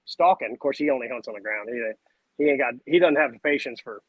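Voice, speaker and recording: A man, a podcast guest telling stories in a casual, animated way. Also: medium pitch, fairly quick, no room sound, highs cut off. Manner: animated, acts out voices and sounds. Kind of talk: casual storytelling chat.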